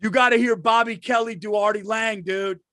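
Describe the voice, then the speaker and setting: A man's voice: sits high, fairly even intonation, normal speed, pushed and bright, no echo, clean studio sound. A man co-hosting a comedy podcast, chatting casually, agreeing and plugging his shows. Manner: agreeable, plugging tour dates. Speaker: podcast co-host.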